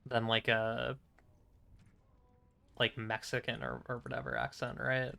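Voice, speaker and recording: A man's voice: mid-range voice, flat delivery, unhurried, vocal fry, bright, forceful tone, clear, resonant tone. A young man streaming a game, chatting casually in a rambling, hesitant way with frequent chuckles. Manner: rambling, hesitant, lots of fillers and restarts, chuckling. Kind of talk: casual chat while playing a game.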